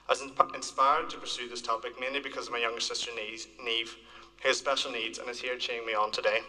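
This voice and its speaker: A man's voice: medium pitch, sharp tone. A young man from Northern Ireland giving an earnest, lightly joking graduation speech at a podium in a large hall. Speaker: graduating student speaker. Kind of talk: ceremony speech. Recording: reverberant hall.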